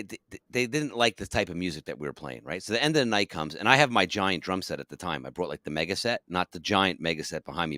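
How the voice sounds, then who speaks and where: Casual male podcast co-host with a deep voice and dry, close sound, spinning animated anecdotes. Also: no room sound. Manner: animated storyteller, acts out quoted people. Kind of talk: casual storytelling chat.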